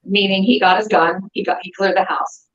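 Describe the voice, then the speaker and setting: A woman's voice: mid-range voice, brisk, slight background noise. Woman telling a ghost story, echoey and muffled. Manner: animated, acts out dialogue in her story. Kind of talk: casual storytelling.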